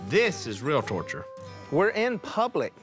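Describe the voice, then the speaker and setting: A man's voice: fairly high pitch, huge pitch swings, measured pace. A grown son on a reality show, exasperated and wisecracking as he narrates and bickers with his family. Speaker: reality show cast member, eldest son. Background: music.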